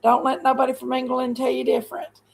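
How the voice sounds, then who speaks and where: A woman rambles through a casual livestream chat, folksy and warmly talkative. Her voice sits high, and a strong gravelly fry runs under almost every word. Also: monotone, fast, rough recording. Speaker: livestream host.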